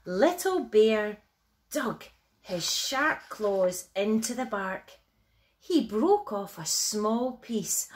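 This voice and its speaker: A woman reading a children's bedtime story aloud at home in a gentle, expressive, unhurried way. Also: medium pitch.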